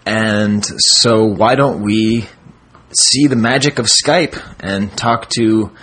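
A man's voice: lowish voice, slow, a little hiss or hum. A man co-hosting a collectors' podcast, talking in a chatty, casual way and laughing often. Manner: chatty, laughs often, lively when excited. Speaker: podcast co-host. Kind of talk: casual chat.

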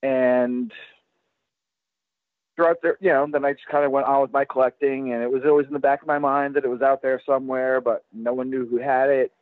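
A man, a guest collector, chatting casually on a podcast in a halting way, full of restarts and fillers. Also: mid-range voice, level tone, dry recording. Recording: tinny, dry phone line.

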